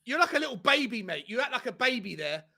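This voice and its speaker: A man's voice: very high voice, big pitch swings, fast, creaky, bright, forceful tone. A man reacting live to a football match as a watchalong co-host, ranting furiously with lots of swearing.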